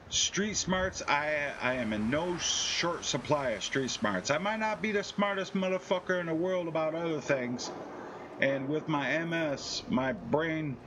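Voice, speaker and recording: A man's voice: fairly high pitch, sharp tone, slight background noise. Profane, boastful male game streamer. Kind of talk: casual live-stream chat.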